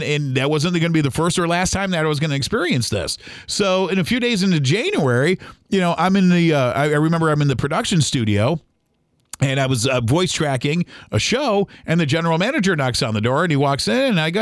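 A man's voice: fairly high pitch, expressive, fast, dry recording. A man with a slightly raised voice recounts a story on his podcast in a loose, chatty way, full of fillers. He acts out the other people in his story. The sound is dry and close. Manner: conversational, lots of fillers, acts out quoted dialogue. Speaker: podcast host. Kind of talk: casual storytelling monologue.

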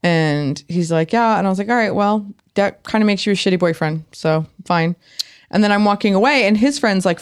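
A woman's voice: mid-range voice, fairly quick, clean tone. A woman co-hosting a podcast in casual chat, telling a story with lots of swearing while speaking around new braces. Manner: animated storyteller, swears freely. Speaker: podcast co-host.

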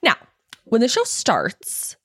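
A woman's voice: fairly high pitch, huge pitch swings, slow, fairly bright tone, breathy edge, no room sound, clean studio sound. A woman co-hosting a podcast in casual chat, gushing, laughing often and swearing. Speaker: podcast co-host.

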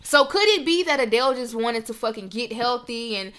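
Young woman podcast host, bright tone, slightly high pitch, emphatic and profane. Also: lively intonation, brisk, slight background noise. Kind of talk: casual podcast rant.

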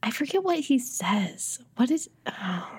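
A woman's voice: a little high, very animated, unhurried, darkish tone, slightly rough. A woman co-hosting a podcast, casually retelling a story and quoting the characters as she goes. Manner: chatty, retells scenes with quoted voices. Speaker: podcast co-host. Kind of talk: casual book discussion.

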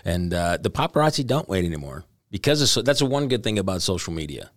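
A man's voice: low voice, very animated, quick pace, no room sound, clean studio sound. A man in casual conversation who thinks aloud, restarting his sentences and leaning on "you know.". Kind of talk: casual chat.

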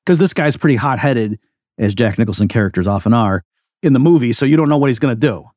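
A man in the middle of his pitch range talks through a podcast monologue with emphatic, chatty energy. He leans on strong statements and drifts into asides. The sound is dry and close. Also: lively intonation, fast talker, a little mellow, no echo. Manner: emphatic, conversational, frequent asides. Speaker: podcast host. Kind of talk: casual solo commentary.

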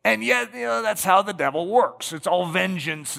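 A man's voice: sits high, lively intonation, moderate pace, vocal fry, pushed and bright, big-room sound. A man preaching a sermon in a conversational way, often checking in with the congregation with tag questions like "okay?" and "right?".

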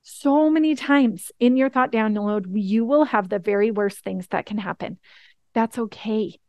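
A woman's voice: on the high side, a little slow, a little mellow, no echo. A woman giving a coaching lesson, talking straight to her listeners and often checking in with "okay?" and "right?". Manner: talks directly to listeners, repeating "okay?" and "right?". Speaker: life coach.

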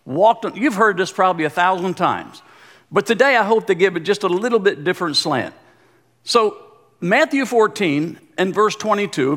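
A man, a former pastor, giving a sermon with animated delivery and repeated phrases. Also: sits high, normal speed. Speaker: guest pastor, former pastor of the church.

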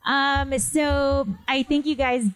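Young woman, co-host; a bit high, quick gasps and slangy reactions. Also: flat delivery. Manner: reactive, giggly, slangy listener. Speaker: podcast co-host. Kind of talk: casual chat.

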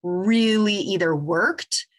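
A woman's voice: mid-range voice, slow pace. A woman hosting a podcast, a chiropractor who explains things in a casual, teacherly way. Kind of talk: casual interview chat.

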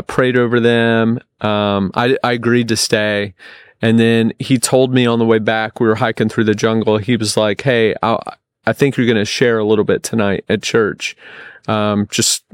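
A man, a podcast guest, telling a long personal story in a casual, animated way, often repeating his words. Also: lowish voice, clear, resonant tone, dry recording, studio quality.

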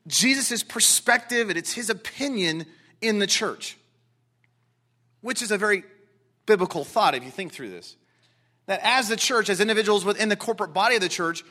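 A man preaching a sermon, explaining scripture and dropping into quiet, earnest asides. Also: high voice. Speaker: pastor.

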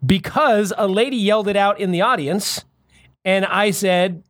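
A man's voice: sits high, normal speed, no echo, studio quality. A man co-hosting a comedy podcast, talking animatedly and acting out quotes from others. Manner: animated, quoting others in voices. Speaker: podcast co-host. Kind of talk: casual chat.

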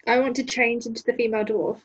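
A giggly woman plays her character at the table and keeps apologizing as she goes. Her voice sits a little high and comes out slightly husky. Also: level tone, quick pace, highs cut off. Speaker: player. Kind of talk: casual tabletop role-play.

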